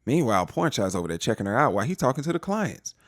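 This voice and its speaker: A man's voice: mid-range voice, sing-song, fast, no room sound, clean studio sound. A man hosting a casual TV episode recap, retelling scenes with slangy asides. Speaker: TV recap host.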